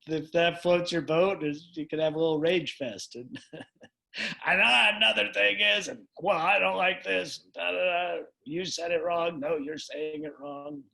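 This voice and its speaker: A middle-aged man with a medium-pitched, fairly bright voice teaches a coaching method in casual conversation. He's playful, acting out both sides of short dialogues.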